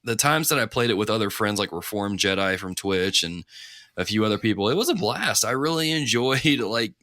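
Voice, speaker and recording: A man's voice: on the low side, expressive, brisk, pushed and bright, no echo, clean studio sound. A man hosting a gaming podcast, chatting casually and upbeat. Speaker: podcast host. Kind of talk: casual chat.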